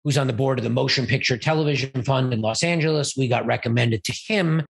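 A man, an event organizer and interview guest, telling a rambling, animated story and acting out quoted dialogue. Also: medium pitch, fast, gravelly, husky. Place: Los Angeles.

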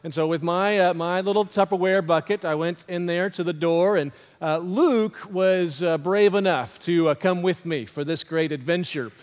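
A middle-aged man pastor preaching a sermon in an earnest, storytelling way, pausing on frequent "uh"s. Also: high voice. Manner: earnest, storytelling with many "uh" pauses. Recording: long reverb of a large hall.

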